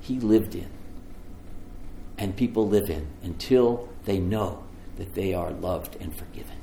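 A male pastor preaching a sermon, telling the story with animated voices for the people in it. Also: deep voice, slow pace, vocal fry, reverberant, slight background noise. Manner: animated storytelling, acts out dialogue.

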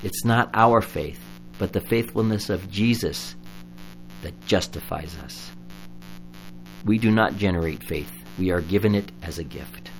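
A man's voice: low voice, unhurried, vocal fry, slight background noise, rough recording. A man preaching a sermon as a Lutheran pastor, explaining doctrine and telling a story in an earnest way. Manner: earnest storytelling, lively when recounting a story.

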